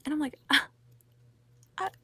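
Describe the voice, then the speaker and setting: Unhurried but bright and forceful, a young adult woman vents a frustrating story in a casual vlog rant. The exasperated vlogger fills her speech with "like" and swearing.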